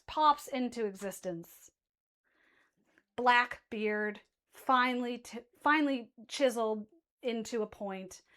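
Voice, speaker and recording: A woman's voice: medium pitch, measured pace, a bit bright. A woman narrating as game master in casual, loose chat, swearing freely and correcting herself mid-sentence.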